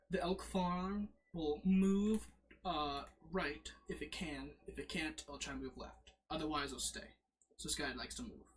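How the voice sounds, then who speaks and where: A man casually narrating as game master, fumbling with his setup and correcting himself as he goes. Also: fairly high pitch. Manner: lively, fumbling with slides, self-correcting.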